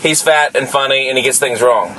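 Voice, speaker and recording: A man's voice: mid-range voice, brisk, sharp tone, a little hiss or hum, poor audio. A young man with a Southern US accent co-hosting a podcast in casual chat, rambling and profane, often trailing off and restarting. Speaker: podcast co-host.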